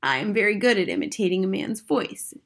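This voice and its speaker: A woman reading aloud, voicing a calm, wise older grandmother who speaks slowly, softly and with measure. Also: medium pitch, creaky. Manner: slow, soft and measured.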